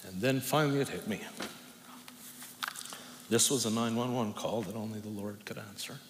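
A middle-aged man preaching a personal testimony, telling it in a halting, emotional way with long pauses. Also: fairly low pitch. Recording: long reverb from a hall, faint noise.

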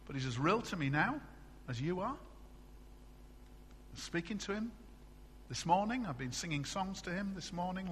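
A middle-aged man from England preaching a sermon in a church, animated and conversational, often asking the congregation questions. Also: a little high, in a large hall, a little hiss or hum. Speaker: pastor.

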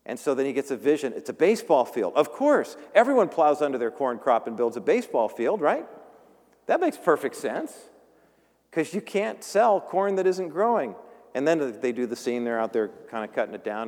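A man's voice: on the high side, very animated, normal speed, a little mellow. A male pastor giving a conversational sermon, joking and acting out the voices in the story. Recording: long reverb of a large room.

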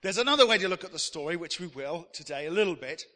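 A man's voice: high voice, expressive, quick pace, pushed and bright, big-room sound. A man preaching a sermon as pastor, emphatic, and leading the congregation in call-and-response.

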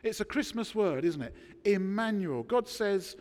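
A man preaching a sermon, emphatic, with dramatic pauses between words. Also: high voice, animated, darkish tone, in a large hall. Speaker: pastor. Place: church.

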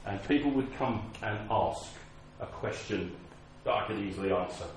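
A man's voice: on the low side, normal speed, slight background noise. A man preaching a sermon, telling personal stories in a conversational, self-mocking way. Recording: echoey hall with faint ambience.

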